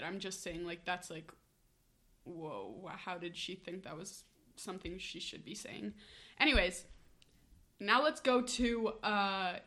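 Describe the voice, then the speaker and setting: A young woman co-hosting a casual chat podcast, telling stories with many fillers. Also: mid-range voice. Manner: chatty, many "like" fillers, animated storytelling. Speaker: podcast co-host.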